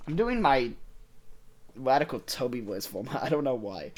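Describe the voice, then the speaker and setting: A man's voice: medium pitch, big pitch swings, normal speed. A man giving casual let's-play commentary with joking, mumbled asides. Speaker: gameplay commentator.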